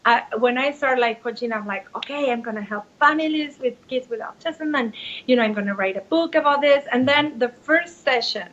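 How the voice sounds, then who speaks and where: A woman's voice: high-pitched, fairly quick, lo-fi sound. A woman in her forties from Mexico, a Spanish speaker, telling her story openly as a life coach guest. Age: 40s. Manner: open and expressive, many restarts. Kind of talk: candid personal storytelling.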